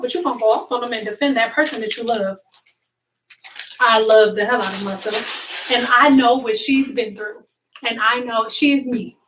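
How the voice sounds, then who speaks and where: A woman's voice: fairly high pitch, a bit bright, far from the mic. Emphatic woman preaching at her camera. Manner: emphatic, preachy, repeats herself, cusses. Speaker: beauty vlogger. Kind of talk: casual motivational talk to viewers. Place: room at home, indoors. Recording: echoey room, voice off-mic.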